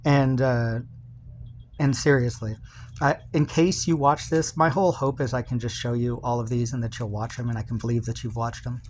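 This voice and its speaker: A man's voice: mid-range voice, steady tone, normal speed, darkish tone, a little hiss or hum. A man recording a personal video message to his partner, rambling and confessional, full of fillers and restarts.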